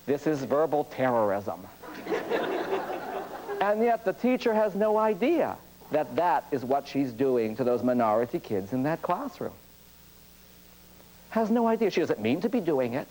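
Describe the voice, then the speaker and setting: A man's voice: medium pitch, sing-song, measured pace, pauses often, darkish tone, a faint crowd, poor audio. A priest giving a storytelling lecture on communication, acting out the people in his anecdotes. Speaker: priest and speaker on cross-cultural communication.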